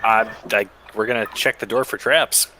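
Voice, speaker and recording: A man's voice: fairly low pitch, fairly even intonation, moderate pace, pushed and bright. A man playing a tabletop game, laughing often and talking animatedly. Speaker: player. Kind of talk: casual tabletop play. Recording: noisy online call recording.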